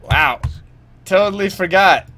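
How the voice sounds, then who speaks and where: A man's voice: high voice, pushed and bright, a little hiss or hum. Laid-back joking male streamer. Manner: jokey, laughs often, playful teasing. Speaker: streamer co-host. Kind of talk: casual gaming chat.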